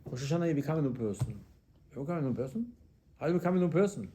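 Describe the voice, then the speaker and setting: A man giving a sermon as a rabbi, asking rhetorical questions and repeating them, with Hebrew religious terms mixed into his English, moving between hushed asides and emphatic lines. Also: fairly high pitch, sing-song, very fast, a little hiss or hum. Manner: loudness swings from hushed to emphatic.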